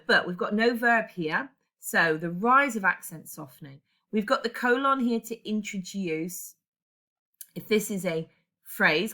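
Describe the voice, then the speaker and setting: A woman's voice: on the low side, bright, forceful tone. A woman English teacher talks through a grammar lesson step by step, with fillers and self-corrections along the way. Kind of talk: recorded classroom lesson explaining grammar.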